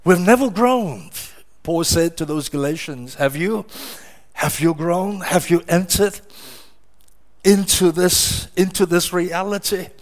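A middle-aged pastor preaches in a notably high voice. He leans on rhetorical questions and repeats words as he drives each point home. His delivery is emphatic and earnest. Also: slow pace. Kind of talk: sermon.

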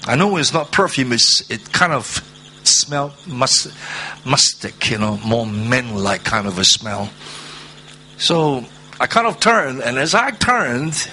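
A man preaching a sermon, reading scripture aloud and stressing words through slow repetition. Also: medium pitch, very animated, pushed and bright, a little hiss or hum. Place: church hall, seated at a low table.

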